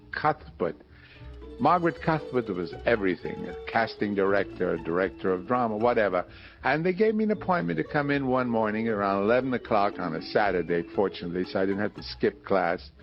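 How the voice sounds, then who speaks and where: A man's voice: mid-range voice, a little fast, lo-fi sound, faint music behind. Older man telling radio stories. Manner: lively raconteur, acts out quoted voices. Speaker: interviewee recalling his radio career. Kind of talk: anecdotal interview storytelling.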